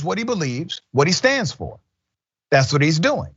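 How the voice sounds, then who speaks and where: A man's voice: fairly high pitch, very animated, normal speed, a bit bright, slightly rough, no room sound, dull audio. A man hosting a news commentary show, stressing his points by repeating them.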